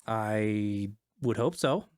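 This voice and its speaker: A man's voice: lowish voice, expressive, very slow, a little mellow, a little hiss or hum. A man voicing a polite, wary young woman academic in a tabletop game, in his own plain voice without an accent. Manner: plain voice, no attempt at an Italian accent.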